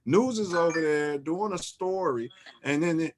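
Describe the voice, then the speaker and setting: A man, hosting and telling a story in casual chat, animated and repeating and restarting his phrases. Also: fairly high pitch, measured pace, a little hiss or hum. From Chicago. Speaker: host.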